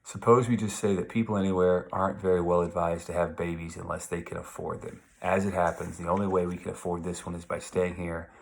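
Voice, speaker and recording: A stiff, defensive husband explaining himself, voiced by a man reading from a novel. The voice sits very low with a gravelly fry. He sounds flat and self-justifying. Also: brisk, hardly any pauses.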